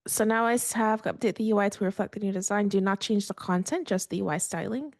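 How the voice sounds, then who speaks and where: A woman casually talking through a coding assistant demo, relaxed and thinking aloud. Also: medium pitch, quick pace, no echo, studio quality. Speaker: developer demoing a coding assistant. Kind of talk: casual tech demo chat.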